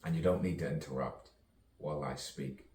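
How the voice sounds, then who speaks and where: Man, very deep voice, unhurried, rhyming rambling monologue, echoey distant recording, faint background hum. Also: darkish tone. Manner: rhyming, stream-of-consciousness, chuckling. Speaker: poet. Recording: roomy echo, distant mic, faint ambience.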